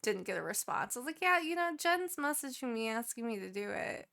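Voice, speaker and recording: A young woman, co-hosting a podcast and telling a story in casual chat, animated and swearing as she acts out quotes. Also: on the high side, brisk, vocal fry. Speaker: podcast co-host.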